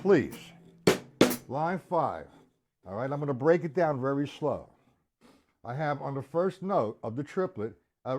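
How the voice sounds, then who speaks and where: A man teaching a live-streamed drum lesson, breaking patterns down step by step, counting beats aloud and speaking to viewers by name. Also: fairly high pitch.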